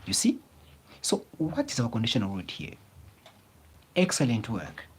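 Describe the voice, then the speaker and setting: A male tutor with a husky, somewhat breathy voice teaches grammar to a class. His pitch moves a lot as he repeats key phrases slowly and emphatically. He keeps prompting his listeners with fill-in questions. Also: huge pitch swings. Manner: slow, emphatic explaining.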